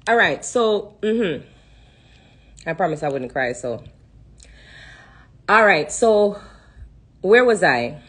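Jamaican woman, low and husky, emotional halting testimony on a live stream. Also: very animated, a bit bright. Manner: halting and repetitive, pausing to hold back tears. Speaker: livestreamer sharing a testimony.

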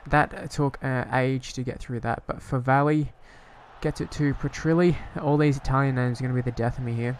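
A man's voice: medium pitch, steady tone, normal speed, a little hiss or hum. A young man casually commentating on his own football management game, rambling and hesitant, breaking into sweary frustration. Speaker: gaming YouTuber.

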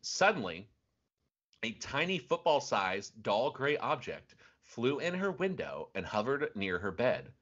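A man's voice: medium pitch, very animated, measured pace, fairly bright tone. A man co-hosting a podcast, casually retelling strange stories with laughs and restarts. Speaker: podcast co-host. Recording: dull lo-fi sound.

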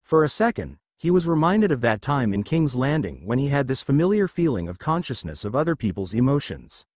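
A man's voice: medium pitch, big pitch swings, a little fast, a little mellow, no room sound. A man reading fan fiction aloud as a narrator, telling the story expressively. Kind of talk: scripted fanfic narration.

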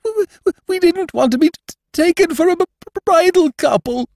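A tearful young bride, stammering and sobbing in a high, strained voice. The storybook reading is close and dry, with no room around it. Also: male voice, animated, moderate pace, a little mellow, dry recording.

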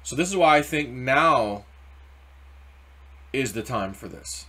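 A man in the middle of his normal pitch range, chatting casually about markets. He rambles from one thought to the next. He jumps into quick acted-out quotes along the way. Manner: rambling, animated, acts out quoted voices. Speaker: crypto video host.

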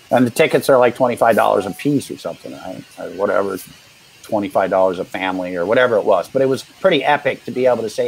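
A man, a street performer and juggler, telling long halting anecdotes in a casual interview and acting out the people he quotes. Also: fairly low pitch, gravelly, breathy edge, poor audio.

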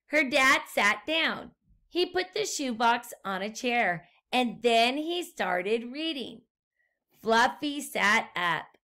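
A woman teacher reading a storybook aloud to young children and asking them gentle questions. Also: high-pitched. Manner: gentle, slow, questions to the listener.

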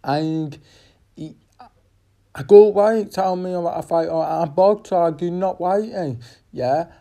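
Guy rambling slow about a fight, lots of ums and swearing, soft dark voice. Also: fairly high pitch, creaky. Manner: rambling, profane, halting with many fillers. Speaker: boxing fan giving fight predictions. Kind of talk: casual rambling fight preview.

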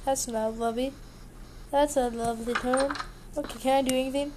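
This young gaming YouTuber chats over background noise in a high-pitched, steady tone at a brisk pace. She's playing a horror game for a let's play, keeping her remarks sarcastic, playful and sing-songy.

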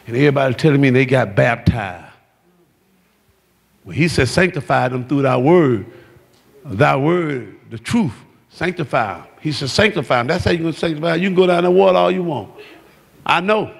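Exuberant preacher with gravelly voice. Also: male voice, a little high, lively intonation, moderate pace. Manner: shouting, exuberant preaching with call-outs to the congregation. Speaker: pastor. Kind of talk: sermon. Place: church sanctuary. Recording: long hall reverb.

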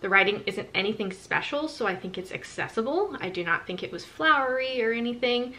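A woman's voice: on the high side, lively intonation, a little fast, bright, forceful tone. A woman giving a candid, chatty book review to camera, often breaking into laughter. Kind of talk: casual spoken book review.

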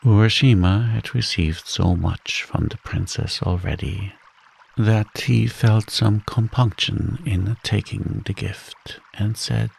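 A man narrating a fairy tale as a calm, slow, soothing bedtime story reading. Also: lowish voice, gravelly, breathy edge, rough recording.

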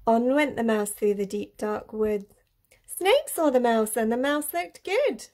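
A woman primary school teacher reading a picture book aloud in an expressive, rhythmic way. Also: fairly high pitch, a little slow.

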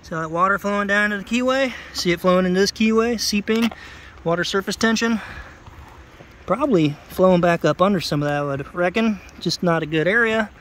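A man with a fairly high voice walks a roof outdoors, pointing out sloppy repairs to his viewers. He talks in a loose, chatty way with plenty of sarcasm. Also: a little fast, fairly bright tone, slight background noise. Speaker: roofing contractor. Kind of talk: on-site roof inspection vlog.

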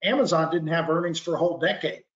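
A man co-hosting a trading podcast, chiming in with quick remarks. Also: on the high side, a bit bright, reverberant, highs cut off. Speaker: podcast co-host. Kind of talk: casual trading podcast chat.

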